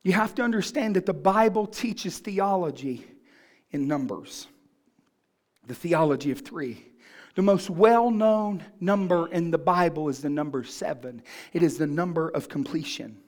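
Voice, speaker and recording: A man's voice: on the high side, expressive, measured pace. A man pastor preaching a sermon, asking the congregation questions and building in fervor.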